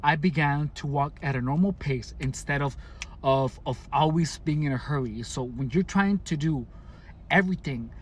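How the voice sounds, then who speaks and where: Speaking to camera in a casual personal account, this Mexicali man recalls things he has lived through. He is a vlogger whose medium-pitched delivery is halting, full of fillers and restarts, and carefully enunciated, with a little hiss or hum in the recording.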